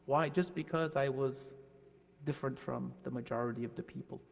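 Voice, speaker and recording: A man from New Jersey speaks to children as a guest imam in a worship service. His mid-pitched voice has a gravelly edge, and he talks to them in a relaxed, friendly way. His voice echoes through the church with a long reverb. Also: fairly quick. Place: church sanctuary.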